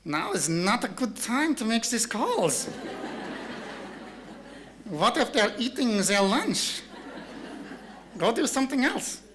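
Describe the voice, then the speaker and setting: A man's voice: very high-pitched, sing-song, slow, long pauses, fairly bright tone, a little hiss or hum, voice pushed up, exaggerated voice. A man voicing a fussy, cautious male brain character who warns against taking risks. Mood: fretful.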